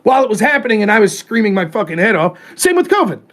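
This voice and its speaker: A man's voice: sits high, sing-song, fairly bright tone. A man hosting his own talk show, ranting heatedly about politics with plenty of swearing and mocking asides. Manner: profane, fired-up, talks in rapid bursts and mimics opponents. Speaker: show host.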